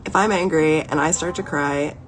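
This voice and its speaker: A woman in her thirties chatting candidly on a live stream as she reads through a therapy workbook, swearing freely and wandering off on digressions. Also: sits low. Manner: candid, swearing, quick digressions with laughing asides. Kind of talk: casual live-stream chat. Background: faint ambient music.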